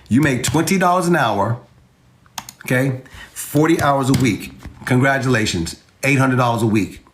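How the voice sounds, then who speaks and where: A man's voice: mid-range voice, a little hiss or hum. Man, casual sarcastic rant, repeats himself for emphasis, echoey room. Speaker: finance video host. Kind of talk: animated explainer rant.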